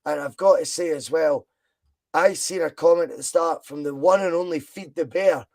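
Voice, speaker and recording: A man hosting a casual fan podcast, loud and animated as he reads out viewer comments. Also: a little high, normal speed, rough recording. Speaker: podcast host.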